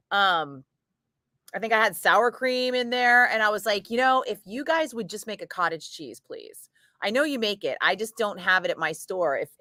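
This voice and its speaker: A middle-aged woman, chatting casually with viewers on a home livestream, animated and sweary as she tells stories. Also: mid-range voice, no echo, studio quality. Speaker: radio DJ chatting with live viewers.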